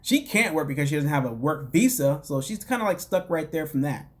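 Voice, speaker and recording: Rambling man with a slightly high voice. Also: expressive, fairly quick. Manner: rambling, loose, full of "you know" and "like"; wry, dismissive asides. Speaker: podcast host recapping a reality show. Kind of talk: casual recap commentary.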